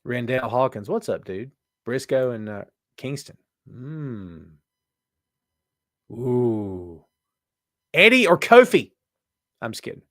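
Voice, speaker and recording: A man's voice: mid-range voice, very animated, takes it slowly, long pauses, a bit bright, dry recording, studio quality. A man hosting a casual live show, chatting and joking as he reads viewer comments aloud. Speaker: podcast host. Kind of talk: casual live-stream chat.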